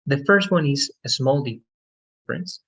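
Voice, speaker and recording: A man's voice: medium pitch, a little slow, fairly bright tone, breathy edge, highs cut off. A man teaching an English lesson on a video call, explaining patiently and often checking with "right?". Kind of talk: online language lesson.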